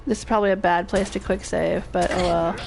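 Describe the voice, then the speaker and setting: A woman's voice: lowish voice, fairly even intonation, a little fast, gravelly, background noise. An older woman giving rambling, casual commentary while streaming a game and greeting chat viewers. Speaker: gaming streamer. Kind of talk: casual live gameplay commentary.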